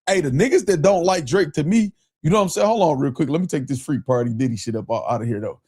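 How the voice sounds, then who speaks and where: A man hosting a casual livestream show, talking loosely in slang and reading shout-outs from the chat. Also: on the high side, fast talker, breathy edge.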